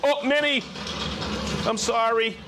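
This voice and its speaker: A man hosting a live show, reading out viewer names in a playful, energetic way. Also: extremely high pitch, slow, noisy background. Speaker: show host. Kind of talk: live show shout-outs.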